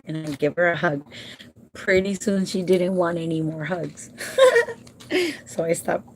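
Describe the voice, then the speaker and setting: A woman who works as a home care provider, talking casually and warmly to her viewers from home, emotional and halting at times. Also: lowish voice, steady tone, a little hiss or hum. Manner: emotional and heartfelt, addresses viewers as "you guys"; halting with repeated restarts when upset.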